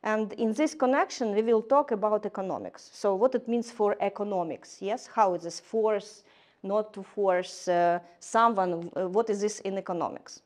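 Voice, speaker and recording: A woman giving a lecture in English, halting often with fillers and restarts. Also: medium pitch, a little mellow. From Ukraine. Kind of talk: lecture to a class.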